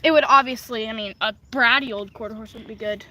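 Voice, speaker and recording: A woman's voice: on the high side, fairly even intonation, quick pace, sharp tone. A woman with a Kentucky accent chatting casually about horses on a livestream outdoors at a horse farm, full of "like" and "I mean". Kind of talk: casual live-stream chat.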